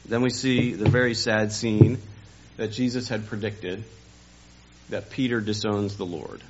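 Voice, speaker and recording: A man preaching a Sunday sermon, telling a story dramatically and building to loud emphasis, on a dull, lo-fi recording. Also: fairly low pitch, fairly even intonation, measured pace, a little hiss or hum. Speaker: pastor.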